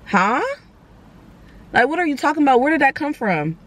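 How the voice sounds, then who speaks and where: A young woman vlogger telling a personal story in casual chat, acting out the dialogue in quick, animated bursts. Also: high voice.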